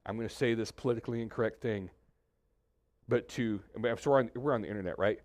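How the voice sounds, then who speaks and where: Animated pastor preaching in a dry room. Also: male voice, lowish voice, fast talker, no room sound. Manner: animated, acts out voices in quotes, many restarts. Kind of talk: conversational sermon. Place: church suite, indoors.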